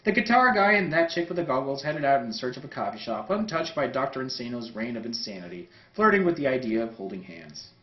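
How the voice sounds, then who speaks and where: Host reading fanfic for laughs, very lively pitch, roomy echo. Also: male voice, a little fast, few pauses. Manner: animated, wry delivery. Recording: roomy, dull sound, faint music.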